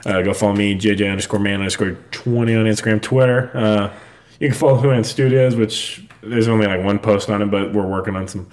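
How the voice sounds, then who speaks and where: A man's voice: on the low side, fairly even intonation, fairly quick, darkish tone. A young man hosting a casual podcast chat, joking, laughing a lot and swearing freely. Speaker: podcast host.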